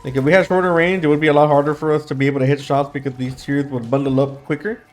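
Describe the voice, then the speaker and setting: A man's voice: a little high, little pitch movement, very fast, soft background music. Sleepy, dry-throated young man gaming. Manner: rambling, thinks aloud with fillers and restarts. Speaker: gaming YouTuber. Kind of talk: casual gameplay commentary.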